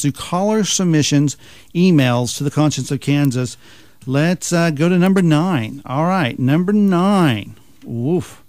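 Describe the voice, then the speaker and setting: A man's voice: mid-range voice, a little mellow, dry recording. A man hosting a talk radio countdown, chuckling and joking with mocking asides. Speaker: radio talk show host.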